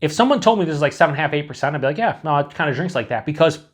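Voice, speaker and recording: A man's voice: a little high, lively intonation, very fast. A man casually reviewing beer for his channel, chatty and rambling, with frequent swearing and filler words. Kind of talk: casual tasting review to camera.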